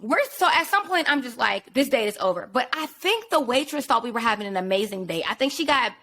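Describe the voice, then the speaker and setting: A young woman hosting a podcast, telling a story in an animated, profane, casual way. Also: fairly high pitch, brisk. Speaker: podcast host.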